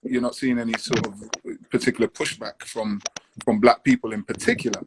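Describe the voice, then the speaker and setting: A British man joining a discussion, speaking in a halting, thoughtful way with many fillers. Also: medium pitch, fairly even intonation. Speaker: discussion guest. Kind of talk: casual discussion. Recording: noisy background.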